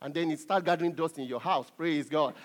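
A man with a high voice preaches with emphatic force. He swings between raised exhortation and soft, chuckling asides, in the steady cadence of a sermon. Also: fairly quick.

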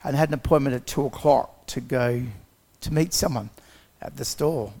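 A man's voice: mid-range voice, moderate pace, warm tone. A man giving a personal testimony, retelling events conversationally and acting out the quotes.

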